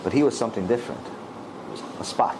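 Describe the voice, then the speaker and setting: A man's voice: medium pitch, quick pace, background noise. A middle-aged man and rabbi giving a storytelling Torah lecture, acting out the dialogue in raised voices.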